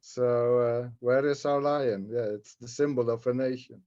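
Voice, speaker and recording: Man, slow, hesitant, smooth voice, dull dry call audio. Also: medium pitch, fairly even intonation, a little mellow, no room sound. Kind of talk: casual group video call.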